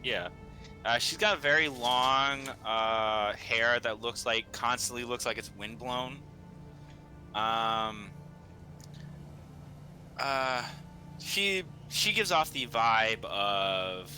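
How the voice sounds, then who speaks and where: Guy dm describing stuff, super bright voice, lots of ums, faint music behind. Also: medium pitch, extremely slow, long pauses. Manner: casual, rambling with many fillers. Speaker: game master. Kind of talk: narrating a tabletop game.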